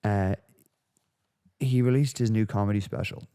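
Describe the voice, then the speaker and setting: A man's voice: on the low side, steady tone, moderate pace, dark tone, clean tone. A man hosting a solo podcast, rambling and swearing through casual commentary with lots of fillers. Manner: profane, rambling, with frequent fillers. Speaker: podcast host.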